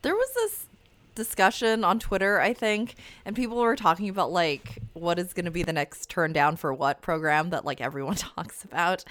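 A woman's voice: low-pitched, a bit bright, no room sound. A young woman co-hosting a podcast, chatting casually and joking with giggles. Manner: giggly, playful jokes. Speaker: podcast co-host. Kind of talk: casual chat.

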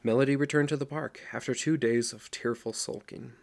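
A middle-aged man reading a novel aloud as narrator, in a steady storytelling voice. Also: medium pitch, brisk, vocal fry. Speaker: audiobook narrator. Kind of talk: scripted narration.

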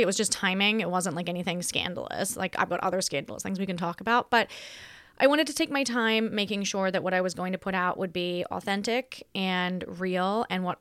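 A woman's voice: mid-range voice, a bit bright, smooth, no echo, studio quality. A woman from Australia with an accent that drifts between Australian and American, hosting a rambling, dramatic, self-mocking podcast monologue from home. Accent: Australian mixed with American. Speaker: podcast host. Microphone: studio microphone.

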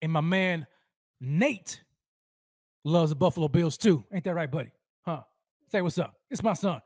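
Hyped, high-voiced man hosting a fan show. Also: moderate pace, a little mellow, no room sound, clean studio sound. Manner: hyped, rambling, repeats himself; slangy street talk. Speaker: sports show host. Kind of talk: live-streamed fan talk show.

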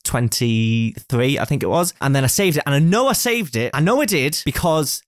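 A man's voice: mid-range voice, expressive, normal speed, dry recording, clean studio sound. A man chatting casually, teasing and telling a long story about his office work. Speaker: office worker. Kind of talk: casual chat.

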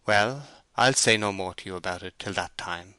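A man voicing a brooding older gentleman farmer in an audiobook, pressing his suit in an earnest, insistent way. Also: fairly low pitch, normal speed, no echo. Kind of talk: audiobook character voice.

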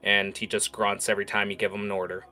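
A man narrating a tabletop role-playing game as game master, with lively scene-setting and frequent fillers. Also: lowish voice, fast talker.

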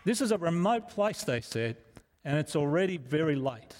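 A man's voice: fairly high pitch, very animated, moderate pace, darkish tone. A man preaching a sermon in an earnest, emphatic way, often restarting his phrases. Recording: echoey hall reverb.

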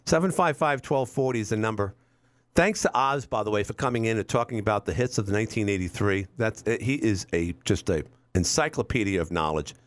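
A man's voice: fairly low pitch, fairly quick, no echo. Rambling talk radio host, man. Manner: rambling, wry, repeats words. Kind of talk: casual talk radio monologue. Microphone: studio microphone.

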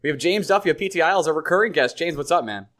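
A man hosting a sports podcast with a fairly high voice for a man, easygoing and quick to laugh. He keeps things loose and chatty with his co-host. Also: lively intonation, fairly bright tone. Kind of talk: casual sports chat.

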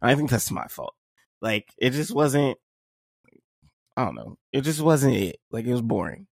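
A man in casual podcast chat, expressive and joking, laughing often. His pitch moves a great deal, climbing and dropping as he talks. The sound is close and dry. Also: measured pace, gravelly, dry recording. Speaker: podcast co-host.

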